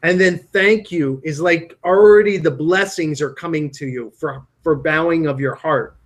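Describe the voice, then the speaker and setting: A middle-aged man, an acupuncturist, earnestly explaining a healing mantra and leading a guided meditation with slow sing-song chanting. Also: on the high side.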